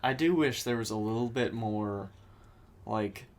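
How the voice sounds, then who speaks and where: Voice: mid-range voice, a little slow. Casual podcast co-host, loose rambling movie talk. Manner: rambling, many likes and ums.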